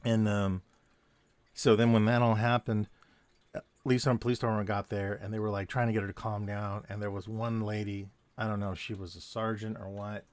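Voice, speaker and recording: Drawing at his desk at home late at night, a former security guard turned artist and vlogger tells casual, wandering stories from that job, often chuckling and losing the thread. His voice is fairly low and level, his pace fairly quick, with no echo.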